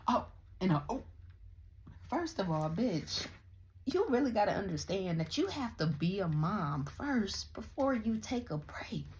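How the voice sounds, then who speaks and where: A young woman vlogger ranting in a blunt, profane, animated way as she comments on other creators. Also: medium pitch, a little slow. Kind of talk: casual commentary rant.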